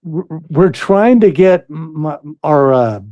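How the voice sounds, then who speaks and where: An American man speaks as a guest on a podcast. He talks slowly and hesitantly, with a warm, mellow tone, and the sound is close and dry. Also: fairly high pitch, expressive, no room sound, lo-fi sound. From United States. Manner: slow, hesitant, many fillers. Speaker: guest musician. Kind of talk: casual interview chat.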